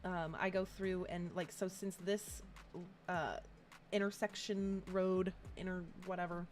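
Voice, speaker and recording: A woman's voice: lowish voice, little pitch movement, a little slow, slight background noise. A woman from Atlanta with a Southern accent, chatting casually as a live-stream host, laughing often between phrases. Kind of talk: casual live-stream chat while gaming.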